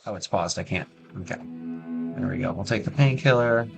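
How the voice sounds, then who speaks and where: A man's voice: lowish voice, a little fast, gravelly, low-quality recording. Chatty man narrating gameplay over music. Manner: chatty, addresses viewers with jokey asides. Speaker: gaming streamer. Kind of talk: casual gameplay commentary. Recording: music playing behind.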